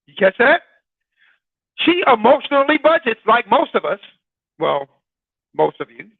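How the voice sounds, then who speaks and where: Male broadcast host, husky high voice, chatty with questions to listeners, dry phone-quality sound. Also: big pitch swings, a little slow, no echo. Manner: conversational, poses rhetorical questions to listeners. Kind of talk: informal broadcast talk.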